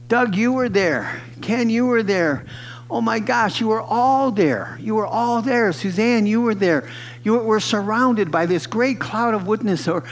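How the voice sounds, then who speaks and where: An older man preaching a sermon in a church, excitable and exuberant, breaking into shouts and laughter. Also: high-pitched. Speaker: pastor. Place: church sanctuary.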